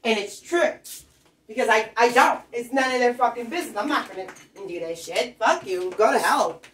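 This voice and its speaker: A woman's voice: fairly high pitch, animated, moderate pace, breathy edge. A woman ranting bluntly and profanely in a rambling, off-the-cuff vlog. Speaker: vlogger. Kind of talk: profane rambling rant to camera. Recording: noisy recording with clicks.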